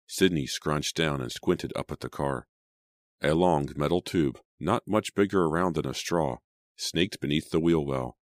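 Very deep-voiced male audiobook narrator. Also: dry recording. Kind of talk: scripted narration.

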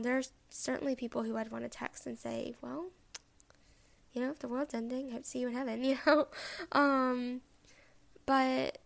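A young woman hosting a podcast, talking reflectively and haltingly with many ums, open about her feelings. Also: a little high, vocal fry. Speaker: podcast host. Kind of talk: personal reflective podcast talk.

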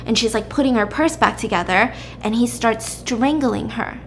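Higher-pitched woman animatedly recapping a drama. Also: a little hiss or hum. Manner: animated storytelling with quick asides. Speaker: podcast host. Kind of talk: casual drama recap chat.

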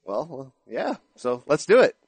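A man's voice: medium pitch, wildly swooping pitch, unhurried, background noise. A man hosting a sports talk show, asking questions in a playful, hyped-up way. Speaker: podcast host. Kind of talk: casual sports talk and interviewing.

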